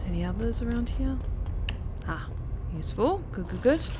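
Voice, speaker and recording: A woman's voice: fairly high pitch, sing-song, moderate pace, background noise. An Australian woman from Australia thinking aloud as she plays through a game on a live stream. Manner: chatty, thinking aloud while playing.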